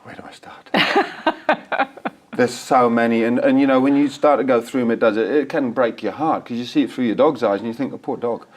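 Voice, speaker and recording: A man talking as a guest in a TV studio interview, animated and acting out examples as he explains. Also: medium pitch, quick pace, few pauses. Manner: animated, acts out voices and examples. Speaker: dog behaviour expert guest.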